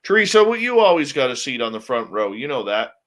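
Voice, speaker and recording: A man's voice: mid-range voice, big pitch swings, fast, fairly bright tone. A man hosting a radio show, chatting casually with his live viewers, greeting them by name and muttering asides to himself.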